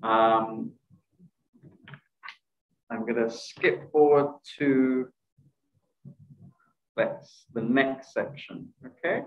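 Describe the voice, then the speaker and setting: A man's voice: medium pitch, steady tone, extremely slow, pauses often. A man teaching a presentation skills workshop over a video call, quizzing participants and praising their answers. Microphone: video call microphone. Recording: echoey, dull video call audio.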